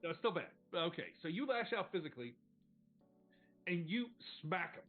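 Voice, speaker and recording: A man's voice: a little high, very animated, normal speed, phone-quality sound, soft background music. A man running a tabletop game as game master, narrating casually, rambling and swearing freely.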